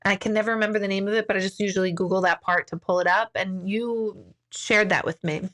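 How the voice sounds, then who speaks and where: A woman hosting a casual live stream, chatting with viewers in a giggly, self-mocking, animated way. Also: mid-range voice, fast talker.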